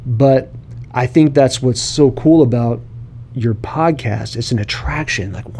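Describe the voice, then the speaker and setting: A man's voice: medium pitch, a little slow, gravelly, dark tone, slight background noise. A man talking as a podcast guest in casual chat, emphatic and swearing freely. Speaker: guest, paint flake business owner.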